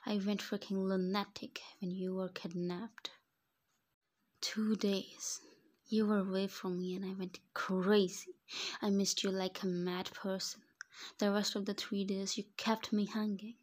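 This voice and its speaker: Possessive young mafia boss, man as a woman reads him, half-whispered, flat level delivery, storybook reading. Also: natural voice. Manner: low murmuring, half whispered.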